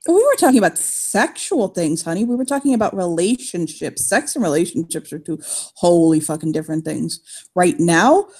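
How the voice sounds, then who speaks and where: A woman's voice: fairly low pitch, sing-song, normal speed, a little mellow. Laughing, foul-mouthed woman role-player. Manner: swears often, laughs a lot. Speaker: tabletop player. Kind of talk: casual role-play narration.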